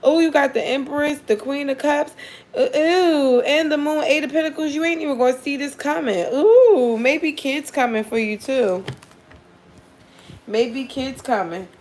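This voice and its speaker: A woman's voice: sits high, moderate pace. Blunt, laughing woman reading tarot. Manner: blunt, profane, laughs often. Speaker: tarot reader. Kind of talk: casual live tarot reading with viewer questions.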